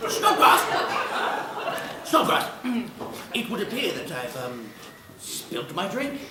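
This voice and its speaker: An actor on stage playing a pompous, tipsy old aristocratic uncle who is a judge, bumbling with ums. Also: male voice, fairly high pitch, very animated, measured pace. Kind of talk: amateur stage acting. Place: theatre stage. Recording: echoey hall with background noise.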